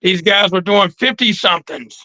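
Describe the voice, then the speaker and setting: A man in a casual interview, telling stories in an animated, slangy way from his trophy room. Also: high-pitched, moderate pace, no echo, rough recording. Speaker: guest.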